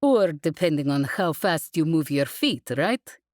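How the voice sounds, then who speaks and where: A woman's voice: deep voice, lively intonation, unhurried, a little mellow, no echo. A woman voicing a weary, wisecracking female demolition crew leader in an audiobook. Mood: wry. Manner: dry, joking about bureaucracy.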